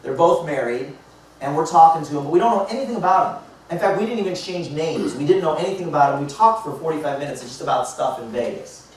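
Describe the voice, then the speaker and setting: A man speaking as a motivational speaker, telling a story to a live audience and acting out the dialogue in a lively way. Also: a little high, fast talker. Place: large indoor hall. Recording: echoey hall picked up from far off.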